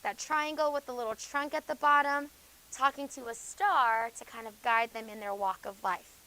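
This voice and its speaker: A woman teaching a high school class, her voice sitting a bit high. She walks through the material with plenty of ums and keeps checking in with a quick "okay?". Every so often she turns firm and tells students off. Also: bright, forceful tone, poor audio. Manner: explains with frequent "okay?" checks and fillers, stern asides to students. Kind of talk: classroom lecture.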